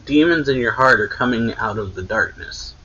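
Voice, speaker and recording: A man's voice: mid-range voice, expressive, moderate pace, bright, forceful tone, breathy edge. A man voicing a taunting male demon tormentor in a mocking, gloating way, on dull lo-fi audio.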